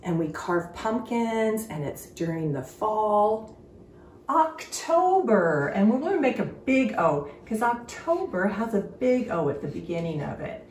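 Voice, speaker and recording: A woman teaching a children's phonics lesson, speaking slowly and clearly, stretching out sounds in an encouraging way. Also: medium pitch, expressive, darkish tone, echoey room, far from the mic, a little hiss or hum. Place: sitting on a stool in a room.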